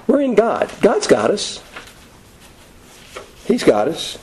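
A man preaching a sermon in a conversational, folksy way, telling stories with quick asides. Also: high voice, huge pitch swings, darkish tone, slight background noise, rough recording.

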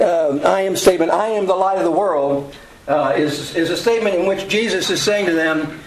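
A man teaching a casual Bible study lesson, pausing often with ums and uhs. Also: high voice, over a noisy crowd. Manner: halting, many ums and uhs. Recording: roomy echo.

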